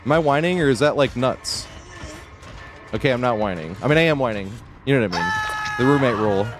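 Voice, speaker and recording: A man's voice: medium pitch, animated, brisk, over music. A young man streaming a video game, chatting casually and rambling, laughing often and swearing freely. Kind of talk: casual gaming stream chat.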